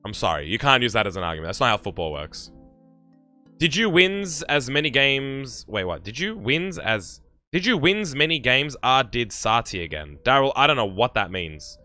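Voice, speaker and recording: A man's voice: medium pitch, big pitch swings, normal speed, pushed and bright, no room sound, soft background music. A young Australian man with an Australian accent, chatting on a live game stream and reading viewer comments aloud in a rambling way. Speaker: gaming streamer.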